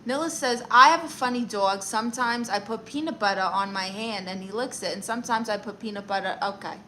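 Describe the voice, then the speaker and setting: A woman's voice: mid-range voice, pushed and bright, a little hiss or hum, natural voice, rough recording. A woman playing a brash, vain aunt who calls herself a therapist, bantering and boasting as she reads out chat on a livestream. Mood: sassy. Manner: sassy, boastful, fast comebacks. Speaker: livestream comedian reading chat.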